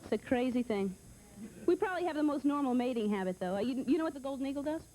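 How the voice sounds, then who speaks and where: A woman doing halting, deadpan stand-up comedy with lots of hesitant fillers. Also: high voice, low-quality recording.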